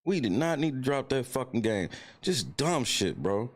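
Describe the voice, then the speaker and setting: A man's voice: mid-range voice, very animated, moderate pace. A man hosting a live stream, ranting and cursing in frustration about a basketball loss. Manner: profane, frustrated, swings from mutters to shouts. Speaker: livestream host. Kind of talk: casual live-stream rant.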